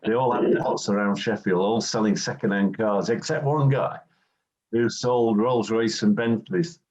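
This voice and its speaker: A man's voice: on the low side, fairly even intonation, a little slow. Older English man telling stories, dull audio. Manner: anecdotal, warm storytelling with acted-out quotes. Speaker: former football referee, interview guest. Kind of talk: reminiscing in a conversational interview.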